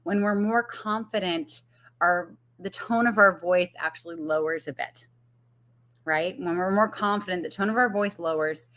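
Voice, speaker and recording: A woman's voice: on the low side, normal speed, a bit bright. A woman business coach giving a casual live-streamed talk, chatty with fillers and frequent laughs.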